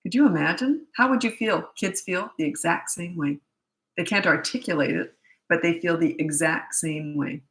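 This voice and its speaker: Blunt, bright-voiced middle-aged woman coach. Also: fairly low pitch, moderate pace, echoey room, rough recording. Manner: blunt, candid and chatty. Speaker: parenting coach. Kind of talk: live Q&A, answering viewer questions.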